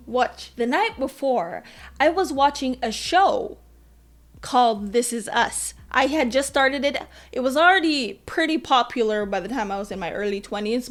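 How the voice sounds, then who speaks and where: Young woman podcast host, high voice, candid and self-mocking, acts out quotes. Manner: candid, self-deprecating, with animated quoted asides. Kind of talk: personal storytelling. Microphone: podcast mic.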